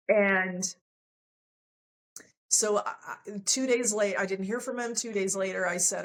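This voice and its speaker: Woman podcast guest, mid-pitched, earnest, emotional storyteller who re-enacts dialogue. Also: normal speed, pauses often, fairly bright tone, rough recording. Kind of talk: candid personal storytelling.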